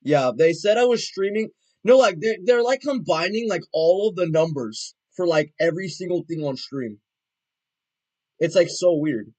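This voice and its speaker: A young man livestreaming, chatting casually and rambling, swearing a lot, with loud excited outbursts. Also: high voice, normal speed.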